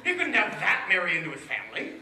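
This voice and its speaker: Playful, high-voiced male storyteller. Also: fast talker, noisy background. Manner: playful, animated, with asides to the audience. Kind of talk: live folk-tale storytelling. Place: indoor room with a live audience. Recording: echoey room from far off.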